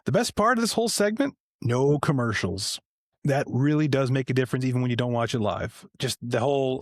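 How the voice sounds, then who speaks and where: A man's voice: mid-range voice, fairly quick, no echo, studio quality. Laid-back man recapping on a podcast. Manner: relaxed, chatty recapping with asides. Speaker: podcast co-host.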